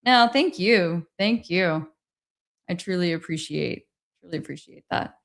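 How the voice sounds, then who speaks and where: A woman's voice: on the low side, animated, measured pace, vocal fry, a bit bright. A woman hosting a casual livestream, talking with the chat in a rambling, hesitant way, with many restarts. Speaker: livestream host reading chat.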